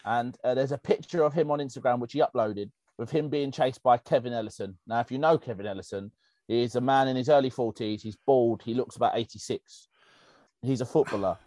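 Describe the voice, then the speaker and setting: A man co-hosting a football podcast, telling stories in an animated way with loud bursts of laughter. His voice sits at a middle pitch. The sound is dry and close, with no room around it. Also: fairly quick, no echo. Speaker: podcast co-host. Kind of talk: casual football chat.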